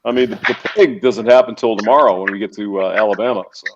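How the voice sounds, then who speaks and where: A man's voice: lowish voice, fairly even intonation, fast. Teasing man on muffled voice chat. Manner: rambling, teasing, crude banter. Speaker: engineer. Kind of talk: casual group voice chat. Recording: muffled voice chat with faint hiss.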